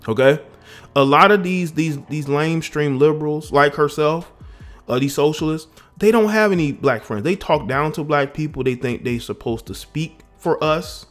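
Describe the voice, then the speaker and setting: A man's voice: on the high side, moderate pace, faint music behind. A man from the American South giving emphatic, indignant political commentary on his own vlog, often restarting his phrases.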